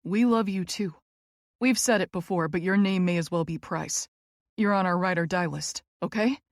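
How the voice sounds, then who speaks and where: A woman's voice: lowish voice, normal speed, no room sound, close to an everyday voice. Woman doing a protective young guy, cussing, blunt but sweet, dry close mic. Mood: soothing. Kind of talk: audiobook character voice.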